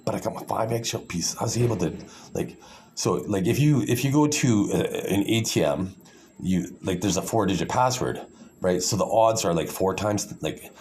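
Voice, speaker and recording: Man, very deep voice, rambling sarcastic monologue, lots of fillers. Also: a little mellow. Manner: sarcastic, condescending, full of fillers and restarts.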